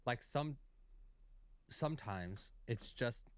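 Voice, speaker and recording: A man's voice: fairly low pitch, moderate pace, dry recording. Easygoing man on a dry mic. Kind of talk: podcast discussion.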